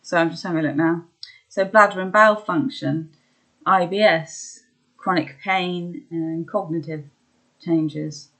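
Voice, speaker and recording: A young woman talking candidly about her own experiences, hesitant with many pauses and ums, laughing at herself at times. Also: on the low side, a bit bright, low-quality recording. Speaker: vlogger sharing her illness experience. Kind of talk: candid personal chat.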